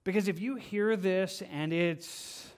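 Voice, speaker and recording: Earnest male pastor, slightly high voice. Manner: earnest and impassioned, with frequent halting restarts. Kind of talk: verse-by-verse sermon. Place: church stage.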